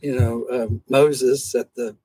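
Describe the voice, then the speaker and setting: A man teaching a casual Bible study discussion, animated and acting out scenes from the text. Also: medium pitch, takes it slowly, slightly rough. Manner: animated, acts out scripture scenes in voices. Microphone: camera mic.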